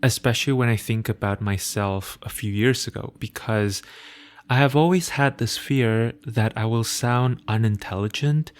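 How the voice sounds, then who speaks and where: A man with a hard-to-place accent, speaking English as a second language, hosting a solo podcast in a thoughtful, reflective way with soft laughs and phrases that trail off quietly. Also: medium pitch, normal speed, smooth. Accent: hard-to-place non-native English. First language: not English. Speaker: podcast host.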